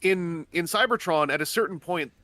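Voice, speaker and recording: Fairly high-pitched and sharp, a man talks at a moderate pace while casually chatting on a gaming stream. His explanations run long and enthusiastic, packed with fillers and restarts.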